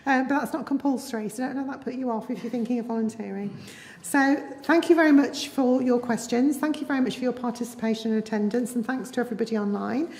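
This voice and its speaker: A woman chairing a trust meeting, making brisk, friendly announcements to the room. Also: a little high, fairly even intonation, a little mellow. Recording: hall reverb.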